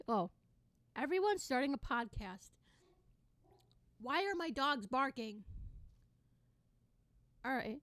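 A woman's voice: high voice, takes it slowly, long pauses, no room sound. Sassy teenage girl ranting on a podcast. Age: teens. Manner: sassy, sarcastic, animated with sudden loud bursts. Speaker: podcast host. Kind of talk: casual solo podcast rant.

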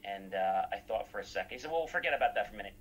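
A man's voice: lowish voice, lively intonation, racing, slight background noise, rough recording. Man telling stories in casual chat. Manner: acts out quoted dialogue.

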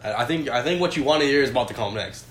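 A man's voice: medium pitch, expressive, very fast, slight background noise. Laughing young man in an echoey room. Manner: laughs a lot while telling stories. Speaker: podcast co-host. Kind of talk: crude casual chat.

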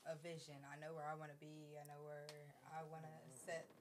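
A woman's voice: deep voice, completely flat delivery, fairly quick, a little hiss or hum. A woman in a casual podcast chat, speaking confidently and assertively.

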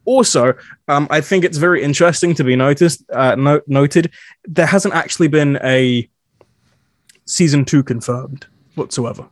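A man's voice: on the high side, normal speed, dry recording, studio quality. A man co-hosting a podcast, casually recapping an episode in a frank, opinionated way.

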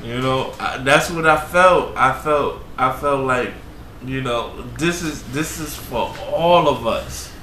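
A man with a bright, clear tone talks casually on his podcast, stopping and repeating words as he searches for what to say. He sounds like he is in a roomy space with faint ambience behind him. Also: medium pitch, a little hiss or hum. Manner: halting, repeats words while searching for them. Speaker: podcast host. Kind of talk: casual chat.

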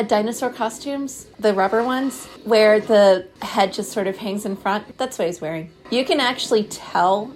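A woman talks through a low-budget film in a casual, riffing way. Her voice sits at an ordinary middle pitch. Her asides are sarcastic and wry, and she often breaks into laughter. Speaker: movie recap commentator. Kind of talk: casual riffing movie recap.

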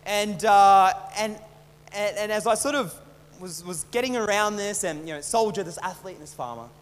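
High-voiced pastor in a reverberant hall. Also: male voice, moderate pace. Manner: casual, repeats and restarts words. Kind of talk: conversational sermon. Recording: long hall reverb, faint hum.

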